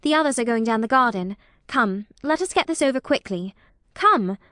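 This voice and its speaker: A proud young Englishwoman snaps out short, indignant orders in a voice pitched a little high, as a woman reader gives her voice. It is dry, close storybook reading with no room sound. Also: lively intonation, normal speed, fairly bright tone, no echo. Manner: clipped and indignant. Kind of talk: audiobook reading.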